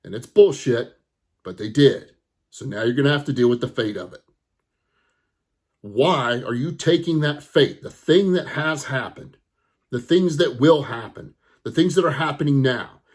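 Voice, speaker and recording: A middle-aged man, a therapist, lecturing straight to the viewer in a blunt, forceful, scolding way with some swearing. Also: mid-range voice. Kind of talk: direct-to-camera lecture.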